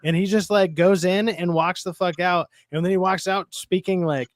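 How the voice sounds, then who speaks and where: Man, fairly high voice, dry close sound, casual mocking storyteller on a podcast panel. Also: fairly even intonation, moderate pace, dry recording. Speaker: podcast co-host. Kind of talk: casual chat.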